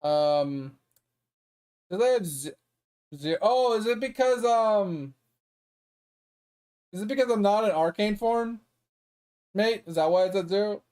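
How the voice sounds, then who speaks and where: A man's voice: high-pitched, expressive, a little slow, long pauses, darkish tone, smooth. A young man streaming a game, ranting in a heated, profane, exasperated way. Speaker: gaming streamer. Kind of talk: casual ranting commentary.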